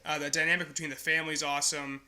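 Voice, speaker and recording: A young man with a very bright, slightly high voice. He co-hosts a casual podcast and talks with eager enthusiasm, laughing often as he gushes. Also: level tone, racing. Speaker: podcast co-host. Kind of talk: casual movie review chat.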